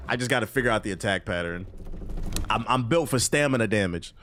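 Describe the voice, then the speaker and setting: A man streaming a game live, commenting as he plays, swinging from low muttering to loud outbursts. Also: brisk, a little hiss or hum. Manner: excitable, swings from muttering to shouting. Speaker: gaming streamer.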